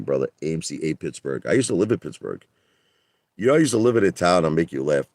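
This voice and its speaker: Middle-aged New man, very deep voice, dry close sound, rambling casual livestream host. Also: a little mellow, no echo. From Brooklyn, New York. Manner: rambling, chatty, greets viewers by name. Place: in his parked car.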